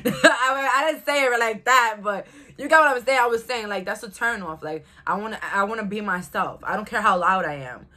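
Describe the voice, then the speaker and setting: A woman's voice: medium pitch, animated, bright, forceful tone. A young woman, giving a casual, outspoken tarot reading to her viewers and laughing often. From Brooklyn, New York. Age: 20s. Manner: outspoken, chatty, quick to laugh. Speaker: tarot reader.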